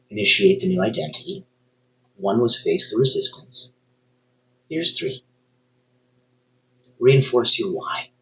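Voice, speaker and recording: Emphatic male motivational coach. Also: sharp tone. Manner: emphatic, speaks straight to the listener, sudden upward pitch jumps. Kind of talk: motivational talk.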